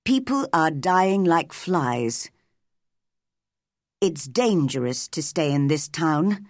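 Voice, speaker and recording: A woman voicing a serious young Englishman who speaks gravely. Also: mid-range voice, very animated, slow pace, no room sound, clean studio sound, heavily acted.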